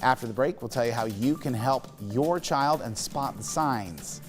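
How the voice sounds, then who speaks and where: A man's voice: medium pitch, unhurried, faint music behind. A man anchoring a morning news show, reading stories and chatting with co-hosts in an upbeat way.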